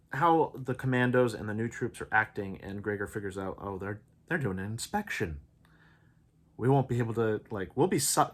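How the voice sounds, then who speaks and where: A man's voice: medium pitch, a bit bright. A man giving a casual, enthusiastic spoiler review, recapping the plot in a rambling way.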